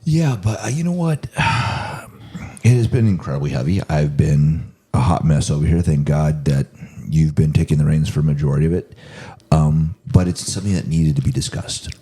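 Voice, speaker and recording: Husky, impassioned man co-hosting a podcast. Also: rumbling low, warm tone. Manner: impassioned, halting, repeats himself. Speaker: podcast co-host. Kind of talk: emotional podcast chat.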